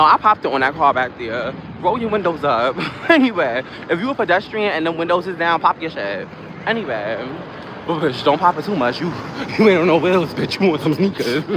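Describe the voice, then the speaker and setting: Animated man livestreaming on a noisy street. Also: fairly high pitch. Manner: rambling, animated, chatty, quick asides. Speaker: livestream host. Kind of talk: casual live-stream chat while walking. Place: outdoors on a busy city street. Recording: noisy street with passing traffic.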